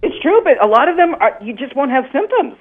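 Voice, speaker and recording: Man on a tinny phone line, lively. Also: very high voice, fairly quick. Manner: earnest, explanatory. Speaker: therapist guest.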